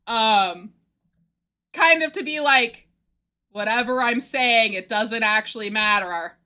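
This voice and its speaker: A young woman streamer chatting casually, gushing excitedly about a story she loves and laughing often. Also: fairly high pitch, slow pace. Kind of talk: casual chat recapping a story.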